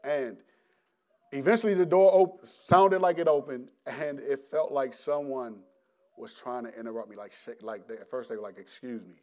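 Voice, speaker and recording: A middle-aged man giving a personal testimony as a preacher, animated and halting, often restarting his words, acting out his past self and breaking into laughter. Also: mid-range voice.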